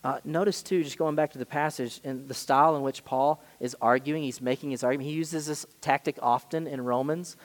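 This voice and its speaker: A man preaching a sermon as pastor, emphatic, swinging between loud stresses and quiet asides. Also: medium pitch, steady tone, fairly quick, few pauses, big-room sound.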